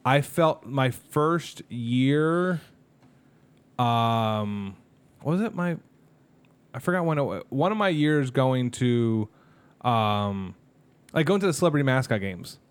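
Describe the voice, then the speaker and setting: Man, 30s, podcast co-host, candid and rambling, mid-pitched voice, fillers and restarts. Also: expressive, slow pace, long pauses, clean tone. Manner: candid, rambling, emotional storytelling with many fillers. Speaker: podcast co-host, mascot performer. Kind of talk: casual podcast chat.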